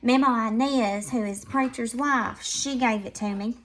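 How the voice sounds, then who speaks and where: A woman with a Southern US accent, giving a casual, affectionate tour of her home decor as a vlogger. She drifts between soft, tender remarks and brighter, lively ones. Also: fairly high pitch, normal speed.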